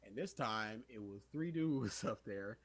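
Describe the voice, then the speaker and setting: A man's voice: lowish voice, measured pace. A young man co-hosting a podcast, telling a story in casual chat, acting out the voices of others and laughing often. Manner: animated storyteller, acts out quotes, laughs often. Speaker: podcast co-host.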